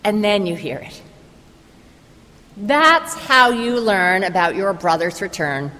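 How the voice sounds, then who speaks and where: A woman's voice: medium pitch, expressive, takes it slowly, pushed and bright, long reverb tail. A woman preacher giving a sermon as a vivid, imaginative retelling of a story.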